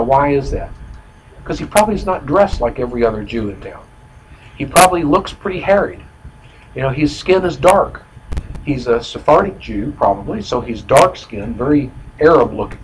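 A man leads a Bible study in a relaxed, conversational manner, stopping often to explain a point. He corrects himself mid-sentence and leans on fillers as he goes. His voice sits at a middle pitch, with a faint hiss of noise behind it. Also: rough recording. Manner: self-correcting with frequent fillers.

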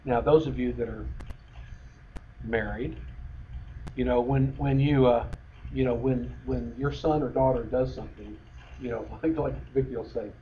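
A man's voice: mid-range voice, steady tone, unhurried, long pauses. A middle-aged man preaching a sermon in a conversational way, full of fillers and restarts. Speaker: pastor. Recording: dull lo-fi sound with faint noise.

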